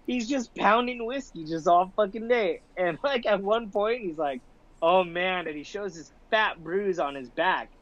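A man's voice: high voice, normal speed. Laughing, profane young man with a dull lo-fi sound. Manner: profane, laughing, animated storyteller with filler "like". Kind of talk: casual podcast chat.

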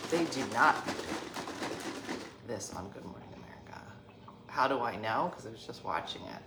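A woman in her fifties chats casually with her viewers from home in a morning vlog, joking and laughing often. Her voice is extremely low in pitch yet very animated, at a moderate pace. The room is echoey, and background noise is clearly audible.

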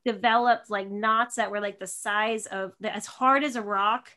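A woman's voice: medium pitch, steady tone, normal speed, sharp tone. A woman in her thirties, a guest in an interview, telling a personal story in a rambling way with many restarts and fillers.

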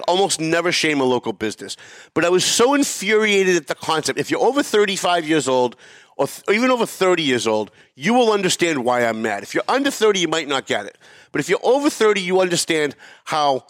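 Middle-aged guy ranting on his show, pitch jumping all over, dry close sound. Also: a bit bright, no room sound. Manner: heated, emphatic, swears, mimics voices. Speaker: talk show host. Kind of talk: animated storytelling rant.

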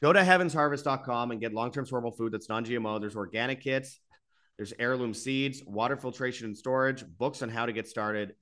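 A man runs his own alternative media channel, speaking a little fast in a medium-pitched, fairly bright voice. His exasperated monologue circles back on itself and keeps climbing into bursts, leading into the sponsor reads.

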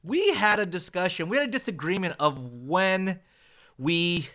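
Bright, lively joking male podcast host. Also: high voice, moderate pace. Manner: joking, teasing. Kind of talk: casual podcast chat.

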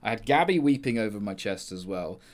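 A man, a podcast guest telling an animated story with frequent laughter and swearing. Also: lowish voice, fairly quick. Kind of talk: casual podcast chat.

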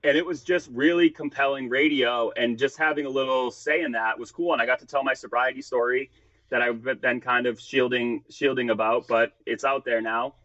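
A man chatting as a podcast guest, rambling through animated stories and slipping into the voices of people he quotes. His voice sits at an ordinary pitch. The sound is dry and a little dull, like a lo-fi recording. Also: fairly quick, no room sound. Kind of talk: casual podcast storytelling.

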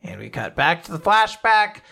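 A man chats casually on a podcast, walking through a comic chapter and jumping into quick impressions of the characters. His voice sits slightly high and rings bright. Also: very animated, creaky. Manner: recaps scenes by acting out characters' lines. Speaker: podcast co-host. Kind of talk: casual manga recap chat.

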